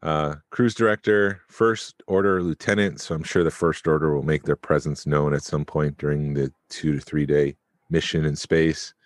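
A man's voice: very deep voice, fairly even intonation, normal speed, dry recording. A man co-hosting a podcast, chatting casually and thinking aloud with fillers. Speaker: podcast co-host.

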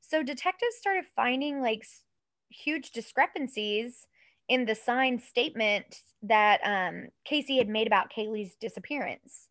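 A woman's voice: on the high side, expressive, measured pace, fairly bright tone, no echo, low-quality recording. A woman in her thirties co-hosting a casual chat, telling a story in a loose, swearing, laughing way. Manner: chatty, swearing, acts out quoted voices with laughter. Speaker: podcast co-host telling a true crime case.

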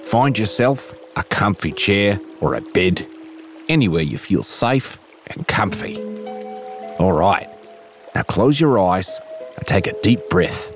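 A man with a put-on Australian accent, playfully leading a slow, soothing guided imagination exercise as a podcast host. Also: fairly low pitch, animated. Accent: put-on Australian/New Zealand. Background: music and trickling stream sounds.

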